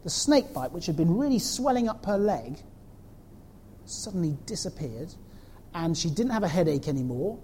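Animated woman telling a children's story. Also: fairly low pitch, moderate pace, in a large hall, a little hiss or hum. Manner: animated, asks the children questions. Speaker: children's talk leader.

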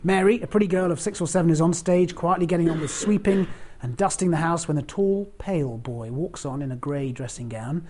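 A preacher delivers a sermon in a relaxed, conversational way. The voice sits at a middling pitch with a mellow, warm tone. Now and then the preacher asks the listeners direct questions. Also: a little fast, a little hiss or hum.

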